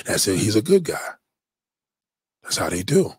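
A man's voice: fairly low pitch, big pitch swings, a little slow, husky, no room sound, clean studio sound. A man hosting a casual livestream monologue, talking in an emphatic, preachy way with lots of swearing.

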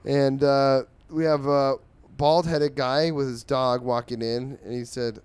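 A man hosting a comics podcast, recapping strips in a sarcastic, weary way with lots of ums and low enthusiasm. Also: flat delivery, a little slow, darkish tone, clear, resonant tone, dry recording.

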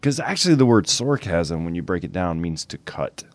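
A man's voice: low voice, sing-song, normal speed, dry recording. A man from Louisiana co-hosting a casual podcast in a studio, joking and laughing often. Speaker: podcast co-host.

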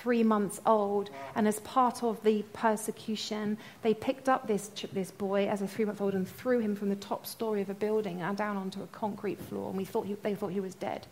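A woman preaching a sermon, telling stories with passion, singing snatches of worship songs and building to loud, impassioned proclamation. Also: mid-range voice, fairly even intonation, normal speed, hardly any pauses, slight background noise.

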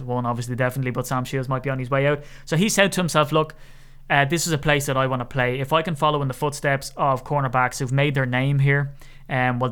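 A man with an Irish accent hosting a sports podcast, chatting casually about his team with wry asides and now and then a mock shout. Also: mid-range voice, clean tone. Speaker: podcast host.

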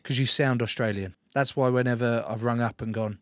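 A man's voice: mid-range voice, steady tone, a little fast, no echo. A young man from Sussex trades blunt, teasing banter as an interview guest. His voice sits in the middle range. The sound is dry and close, with no room around it. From Sussex, England. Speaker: rugby player guest.

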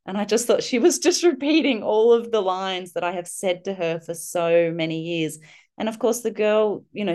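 A middle-aged woman, a guest on a parenting podcast, telling a personal story with lively, animated delivery. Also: fairly low pitch. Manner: warm, animated storytelling, acting out children's voices.

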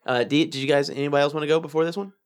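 A man's voice: a little high, fairly even intonation, very fast. A man telling a long rambling story in casual chat, laughing often and restarting his sentences.

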